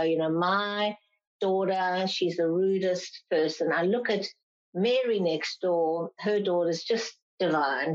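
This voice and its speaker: A woman clinical psychologist answering interview questions, explaining patiently and sometimes acting out parents' complaints in a raised voice. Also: medium pitch. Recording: slightly dull lo-fi sound.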